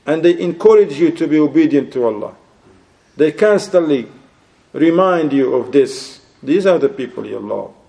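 Mellow-voiced man preaching a sermon. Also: fairly high pitch, expressive, normal speed, creaky. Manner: exhorting, full of rhetorical questions; mixes in Arabic religious phrases. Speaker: Islamic preacher. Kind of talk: religious lecture.

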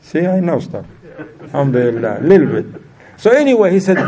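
A man's voice: on the high side, big pitch swings, a little fast, crowd noise. A man giving an informal religious lesson in a chatty way, asking his listeners questions as he goes. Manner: chatty, asks the audience questions. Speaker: religious teacher. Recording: distant from the mic.

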